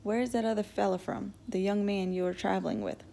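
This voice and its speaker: A woman voicing a kindly, soft-spoken male sheriff who questions a boy gently and awkwardly. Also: mid-range voice, steady tone, fairly quick, gravelly, background noise, lightly acted.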